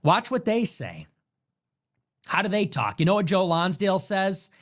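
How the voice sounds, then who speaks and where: Unhurried and sing-song, this man's high-pitched voice carries a political livestream. He delivers monologue commentary that is commanding, emphatic, and full of repetition.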